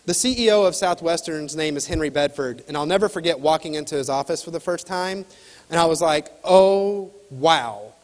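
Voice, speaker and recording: A man giving a keynote sales talk, animated storytelling that acts out the dialogue. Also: fairly high pitch, a little fast. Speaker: keynote speaker and sales trainer. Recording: reverberant hall.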